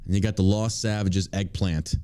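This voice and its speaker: A man's voice: low-pitched, fairly even intonation, normal speed, mellow. A man hosting a podcast in crude, casual banter, ranting and swearing in a boisterous way. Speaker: podcast host.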